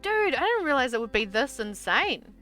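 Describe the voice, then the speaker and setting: A young woman with a bright, forceful, slightly high voice reads an old story aloud on a stream. She keeps breaking off into exasperated, swearing asides, and faint music plays behind her. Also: very animated, normal speed.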